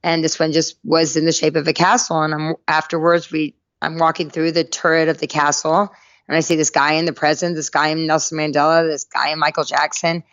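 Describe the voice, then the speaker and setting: A middle-aged woman from North Carolina, a podcast guest telling her life story in a lively way and acting out the people in it. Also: low voice, a little fast, no echo, muffled recording. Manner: lively anecdotal storyteller, acts out quoted voices. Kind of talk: storytelling interview.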